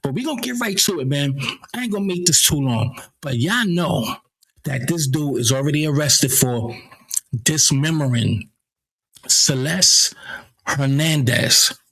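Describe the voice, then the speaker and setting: A man's voice: a little high, expressive, unhurried, bright, forceful tone, breathy edge. A man from the United States hosting a casual commentary show, blunt and profane, often stammering and repeating himself. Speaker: commentary channel host.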